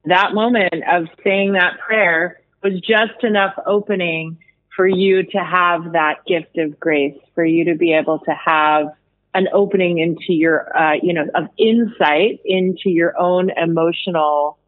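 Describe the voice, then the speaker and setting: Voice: mid-range voice, fairly even intonation, unhurried, no echo. A podcast host reflecting thoughtfully on a guest's story in long, affirming sentences. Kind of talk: reflective interview talk. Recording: dry phone-like line.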